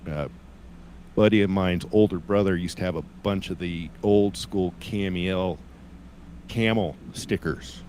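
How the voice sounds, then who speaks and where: A man in his forties with a very low voice, chatting easily on a stream as he remembers old records. A faint hiss sits under his voice, and his humor is dry. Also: measured pace, darkish tone. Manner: laid-back, reminiscing, dry humor. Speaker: stream co-host. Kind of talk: casual chat.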